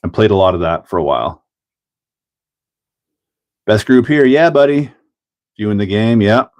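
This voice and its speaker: A man's voice: lowish voice, lively intonation, moderate pace, a little mellow. A middle-aged man with a Canadian accent hosting a casual livestream, joking, laughing often and chatting while he builds a kit. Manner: laid-back, jokey, laughs often, reads chat aloud. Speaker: livestream host.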